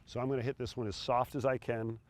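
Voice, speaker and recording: A middle-aged man coaching putting outdoors on a green, talking in a relaxed, encouraging way between putts. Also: mid-range voice, fast talker. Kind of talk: on-course instruction.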